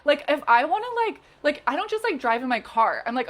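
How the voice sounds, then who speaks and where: A woman's voice: high voice, sing-song, fast, fairly bright tone. A young adult woman, a guest on a podcast, chatting earnestly and casually with many fillers. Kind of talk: casual chat.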